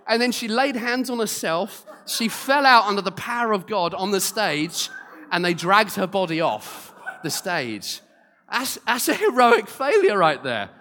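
A man preaching a sermon, with humorous, animated storytelling. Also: high voice, a little slow. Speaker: pastor. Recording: long hall reverb.

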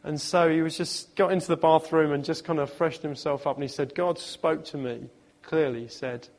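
Male preacher, slightly higher voice, animated storyteller with emphatic repeats. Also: brisk, gravelly. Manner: lively storytelling with emphatic repetition and humor. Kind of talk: sermon.

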